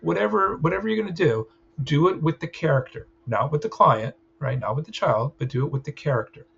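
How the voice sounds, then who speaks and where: Here a man with a fairly high, gravelly, fairly bright voice talks a little fast with lively intonation, amid a bit of hiss or hum. He's teaching a clinical training session on a recorded lecture, keeping it loose and conversational and regularly checking in with "right?". Faint ambience and a slightly dull sound color the audio.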